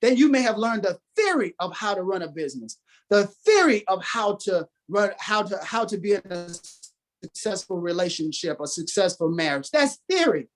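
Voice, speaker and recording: A man's voice: sits high, big pitch swings, normal speed. Man, podcast guest, motivational speaking, emphatic, repeats phrases, preacher-like cadence.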